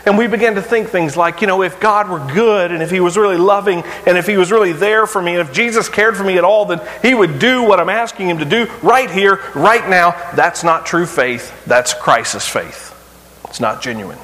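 A middle-aged man preaching a sermon as pastor, pressing rhetorical questions and swinging between loud and hushed delivery. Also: high-pitched, moderate pace. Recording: long hall reverb.

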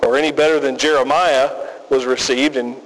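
A man preaching a sermon as pastor, emphatic and deliberate with folksy asides, recorded in a reverberant hall. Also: mid-range voice, fairly even intonation.

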